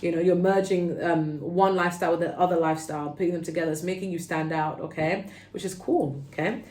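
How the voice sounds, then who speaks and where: A woman with a London accent giving a casual pick-a-card tarot reading, chatty and animated, often checking in with "okay?". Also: fairly low pitch, fast talker. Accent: London English. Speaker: tarot reader. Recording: roomy echo.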